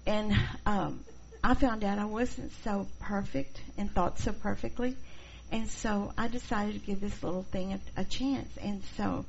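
A middle-aged woman teaching a church class, expressive and acting out the people she quotes. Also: mid-range voice, measured pace, gravelly. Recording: dull lo-fi recording, faint noise.

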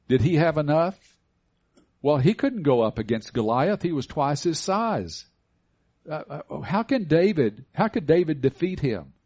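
A man's voice: medium pitch, a little mellow, dull audio. A man preaching a conversational sermon who acts out the voices of Bible figures as he retells their stories.

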